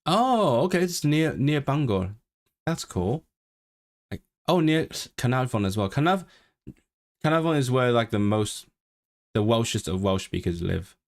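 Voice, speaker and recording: A man's voice: mid-range voice, very animated, unhurried. A man chatting casually on a home study livestream, thinking aloud and often restarting his sentences. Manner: chatty and self-interrupting, with frequent restarts. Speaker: language-learning streamer.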